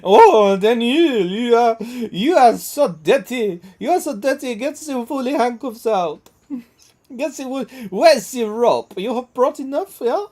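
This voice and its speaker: A man's voice: very high voice, lively intonation, slow pace, darkish tone, pitched above the performer's own voice, full character voice. A man voicing a flirty adult French mistress in a put-on French accent, teasing and drawn out.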